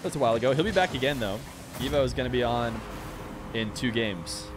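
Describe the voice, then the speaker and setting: A young man streaming a game and chatting casually with his viewers in a relaxed, rambling way. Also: mid-range voice, fairly quick, background noise. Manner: relaxed, rambling, talks straight to chat. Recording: music playing clearly behind the voice.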